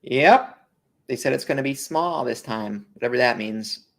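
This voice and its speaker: A man's voice: mid-range voice, normal speed, gravelly, a bit bright. A man co-hosting a casual podcast, teasing and joking with his co-hosts. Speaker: podcast co-host.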